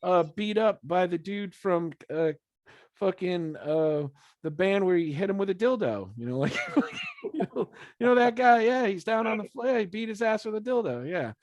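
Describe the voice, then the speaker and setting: Animated, foul-mouthed man hosting an interview. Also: high voice, normal speed, no room sound. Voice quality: swears freely, animated storytelling. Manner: laughs often, acts out scenes in quoted voices. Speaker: podcast interviewer. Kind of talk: casual chat.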